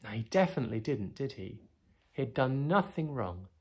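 Kids bible teacher, reads the story and keeps asking "didn't he?", voice swings up and down a lot, a bit husky. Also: medium pitch, moderate pace. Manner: animated, asks children tag questions. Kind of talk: storytelling Bible lesson for children.

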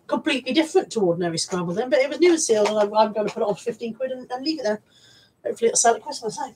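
Woman, Bristol accent, husky and a touch high, live-stream haul vlogger, rambling chatty delivery. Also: lively intonation, racing, darkish tone, poor audio. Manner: chatty, rambling, repeats words and restarts, reads out viewer comments. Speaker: vlogger showing a thrift haul. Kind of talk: casual live-stream chat.

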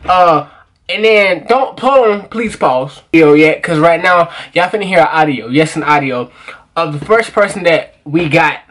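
Excitable slangy man telling a prank story. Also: moderate pace. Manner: excitable, slangy storytelling with sudden high-pitched outbursts. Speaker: prank channel host. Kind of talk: storytime talking to camera.

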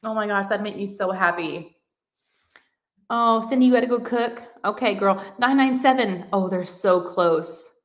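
The host of a crafting channel reads comments during a casual livestream, gushing, excitable and effusive. Her voice is medium-pitched and she speaks a little slowly.

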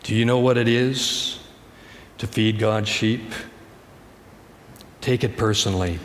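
A man's voice: lowish voice, takes it slowly, slight background noise. A man pastor preaching a sermon in a conversational, storytelling manner, recorded in a church sanctuary. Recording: church hall reverb, faint ambience.

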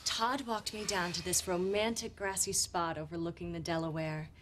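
A woman acting in a sitcom as a heartbroken young woman who speaks softly and tearfully. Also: fairly low pitch, steady tone, normal speed, slight background noise, natural voice.

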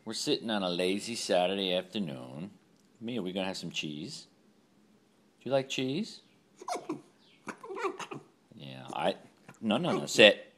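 A man's voice: sits low, expressive, normal speed, fairly bright tone. A man talking to his pet dog at home in coaxing, sing-song baby talk. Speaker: dog owner.

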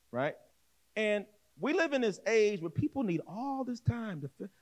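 A male pastor preaching with a high, lively voice that swoops up and down. He talks straight to the congregation in a casual, conversational way. He acts out the people in his story and often repeats himself or restarts a phrase. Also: normal speed. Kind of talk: sermon.

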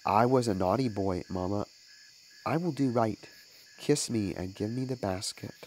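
A man's voice: fairly low pitch, normal speed, a little mellow, slight background noise, natural voice, poor audio. A man voicing a remorseful little boy caught stealing apples, pleading through sobs. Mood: sobbing. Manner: sobbing, pleading.

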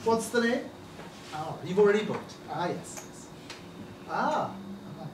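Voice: medium pitch, lively intonation, unhurried, natural voice. A stage performer playing a chatty, fussy theatre box-office attendant who stammers through false starts, in a live sketch. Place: village hall stage. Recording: echoey hall miked from far, audience noise.

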